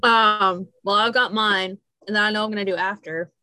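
A woman co-hosting a podcast in casual chat, talkative and quick to laugh. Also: mid-range voice, fairly even intonation, sharp tone, dry recording, soft background music. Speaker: podcast co-host.

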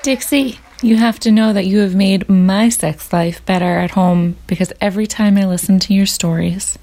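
A woman's voice: medium pitch, steady tone, moderate pace, dark tone, a faint crowd. A woman hosting a live show, earnestly thanking a performer in a heartfelt way.

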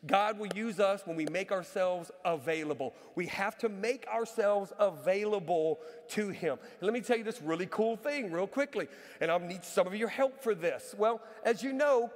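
Middle-aged male pastor, high-pitched, chatty and joking sermon style, reverberant church. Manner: lively, joking, conversational preaching. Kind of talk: sermon with personal stories. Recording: reverberant hall.

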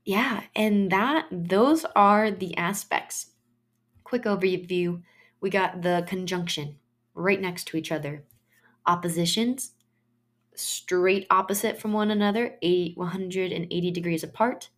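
A woman's voice: fairly low pitch, measured pace. A woman hosting her own podcast, explaining astrology in a chatty monologue and telling personal stories in loose, trailing phrases.

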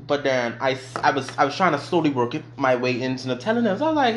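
Animated young man telling stories. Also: fairly high pitch, fast, hardly any pauses, a little hiss or hum. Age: young adult. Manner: profane, animated storytelling. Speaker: vlogger. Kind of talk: casual story time.

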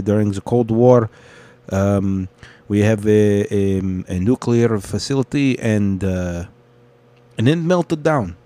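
A man's voice: mid-range voice, dry recording, close to an everyday voice. A man putting on a blunt mock-Russian braggart. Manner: broken grammar, blunt, dark-humored boasting. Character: boastful Russian man named Boris, blunt and grim.

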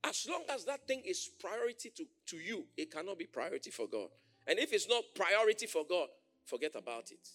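A man preaching a sermon as pastor, animated, often shouting and laughing as he mimics others. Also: sits high.

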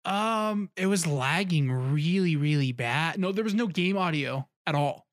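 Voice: mid-range voice, lively intonation, measured pace, dry recording, clean studio sound. A young podcast co-host chatting casually, mostly giving short teasing replies and agreeing. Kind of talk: casual chat.

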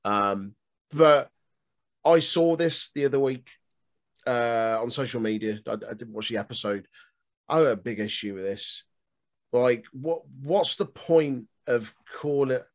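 A man's voice: medium pitch, a little slow. A British man co-hosting a wrestling podcast, ranting and swearing in casual chat. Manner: sweary, ranting, laughing often.

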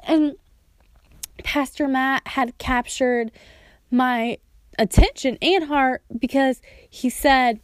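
A woman's voice: sits high, slow pace, dry recording, clean studio sound. A woman sharing a heartfelt personal testimony, earnest and storytelling, now and then acting out remembered words.

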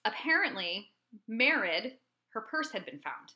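A woman's voice: fairly high pitch, a little slow. A woman co-hosting a podcast, telling a true-crime case in a chatty, casual way. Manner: chatty and animated, with lots of fillers. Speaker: podcast co-host and storyteller.

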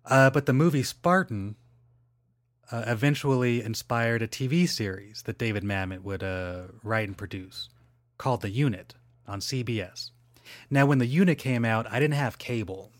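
A man's voice: medium pitch, moderate pace, dry recording. A man hosting a solo podcast, chatting casually in a rambling, digressive way with lots of fillers and self-corrections. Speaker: podcast host.

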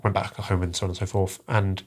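A man telling a personal story as a podcast guest, halting and earnest, often repeating his words. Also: deep voice, little pitch movement, darkish tone, slightly rough. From England.

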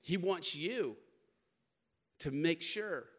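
A man preaching a sermon to young people, emphatic and conversational, swinging between loud stresses and quieter stretches, with casual slang. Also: fairly high pitch, lively intonation, drawn-out words. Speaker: pastor.

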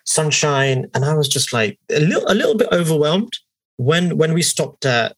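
A young man with a London accent, telling animated, swearing travel stories as a podcast co-host. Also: on the high side, moderate pace, dry recording, low-quality recording. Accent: London English. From England. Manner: animated, swearing, acts out voices in quotes. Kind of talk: casual storytelling chat.

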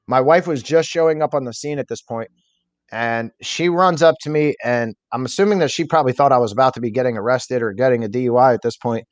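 A man's voice: medium pitch, a little fast, dry recording. A young man telling a personal story as an interview guest, candid and rambling, with many fillers.

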